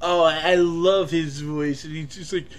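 A man giving a casual, rambling film review, full of fillers and an animated delivery. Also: fairly high pitch, normal speed.

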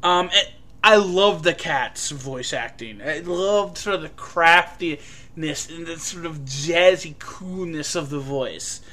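A man giving a casual, rambling film review, full of fillers and an animated delivery. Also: a little high, takes it slowly.

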